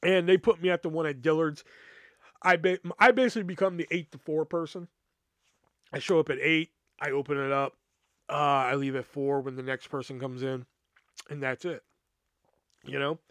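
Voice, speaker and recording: A man's voice: a little high, steady tone, moderate pace, pauses often, fairly bright tone, no echo, clean studio sound. Rambling man telling a work story. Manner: rambling, profane, acts out quotes. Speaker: podcast host. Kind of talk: casual storytelling.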